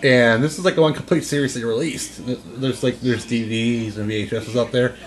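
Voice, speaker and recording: A man in casual chat as a co-host, talking in a rambling, halting way with frequent restarts. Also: mid-range voice, steady tone.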